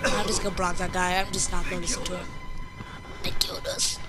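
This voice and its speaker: Joking gamer woman with a lively voice. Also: lowish voice, fast talker. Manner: joking, mocking, chatty. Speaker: let's play gamer. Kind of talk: casual game commentary. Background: game music.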